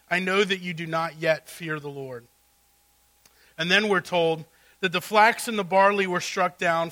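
A man preaching a sermon as pastor, swinging between loud exclamations and hushed asides. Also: high-pitched, no echo.

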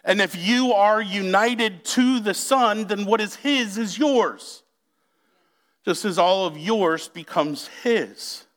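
A man's voice: high voice, a bit bright. A man pastor preaching a sermon, drawing out key words and speaking directly to the congregation. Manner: slow, emphatic preaching with drawn-out key words.

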